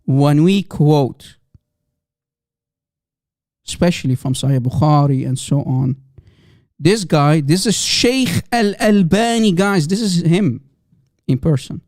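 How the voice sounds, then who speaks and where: A fairly high-voiced man hosts a live reaction stream, laughing and egging on his viewers. His sound is close and dry, with no room around it. He keeps up a mocking, excitable patter. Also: slow, pauses often, dry recording. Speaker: livestream host.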